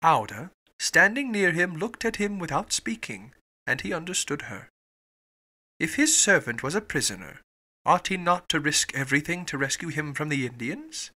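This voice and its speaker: A male audiobook narrator with a bright, clear voice pitched a little high. His reading of the classic adventure moves lively up and down. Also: normal speed. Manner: expressive storybook reading. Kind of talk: scripted narration.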